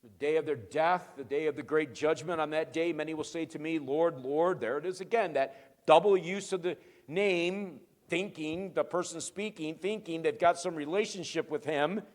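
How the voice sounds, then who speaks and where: A male pastor giving an emphatic sermon, swinging between quiet and loud and answering his own rhetorical questions. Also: on the high side, moderate pace, hardly any pauses, big-room sound.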